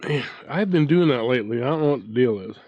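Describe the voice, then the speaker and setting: A man's voice: medium pitch, lively intonation, quick pace, darkish tone, no room sound, dull audio. A man hosting his own channel, ranting in a casual, indignant way, with frequent restarts as he talks. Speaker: commentary channel host.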